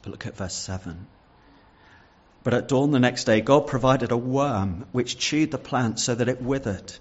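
A man's voice: mid-range voice, moderate pace, husky. Earnest male preacher, muffled sound. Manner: earnest, reads Bible verses aloud and explains them; repeats words and restarts with fillers. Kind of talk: sermon.

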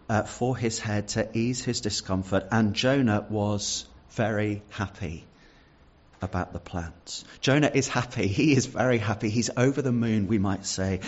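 A man's voice: lowish voice, dull audio. A man preaching a sermon, reading Bible verses and explaining them earnestly, with some stumbles and repeated words. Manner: repeats words and restarts with fillers.

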